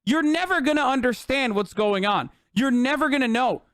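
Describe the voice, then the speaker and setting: A man's voice: extremely high pitch, animated, normal speed, fairly bright tone, dry recording. A man streaming, reacting to a video in a blunt, sarcastic, profane rant. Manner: blunt, sarcastic, swears a lot.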